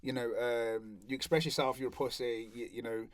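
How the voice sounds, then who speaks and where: A man's voice: a little fast, crowd noise. A young man, telling his life story candidly in an interview and acting out what others said. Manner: animated, acts out other people's lines in higher voices.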